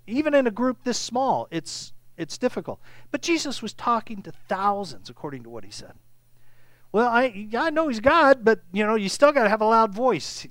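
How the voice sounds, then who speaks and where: A Bible teacher leads a small group through a passage in an easy, conversational way, with a lively voice that swings widely in pitch. The teacher keeps checking in with the listeners and acts out the scripture dialogue. The sound is dry and close, with almost no room echo.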